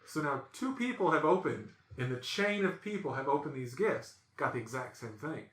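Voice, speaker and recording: Animated storytelling man, echoey room. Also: fairly high pitch, normal speed. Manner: animated, acts out voices in his stories. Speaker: podcast host. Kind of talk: casual storytelling chat.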